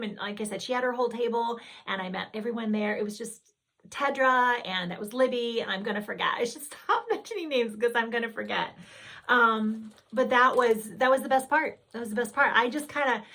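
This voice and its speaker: A woman with a slightly high voice hosts a casual needlework show-and-tell. She gushes and rambles, stopping often to restart her sentences. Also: pushed and bright. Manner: gushing, rambling, with frequent self-corrections. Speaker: needlework video host.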